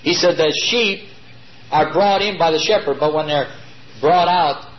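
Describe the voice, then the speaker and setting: High-voiced preacher guy, emphatic, drags out the big words, dull lo-fi tape. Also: slight background noise. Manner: emphatic, stretches key words slowly; addresses congregation as "beloved". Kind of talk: sermon. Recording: dull lo-fi recording.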